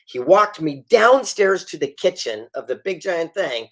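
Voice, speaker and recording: Animated man telling stories. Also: fairly high pitch, a little slow. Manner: animated storyteller acting out quoted dialogue. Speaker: guest author and speaker. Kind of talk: storytelling interview.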